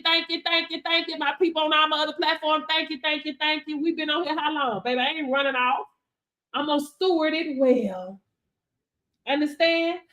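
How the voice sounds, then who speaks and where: A woman preaches live to her viewers. She is animated and folksy and talks straight to the people watching. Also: sits high. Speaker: livestream host teaching on faith. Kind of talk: livestream teaching with casual asides to viewers.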